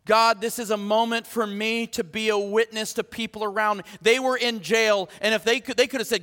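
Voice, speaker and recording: A male pastor preaching a sermon in an animated, rallying way, repeating phrases. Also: high voice, fairly quick, hardly any pauses. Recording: reverberant hall.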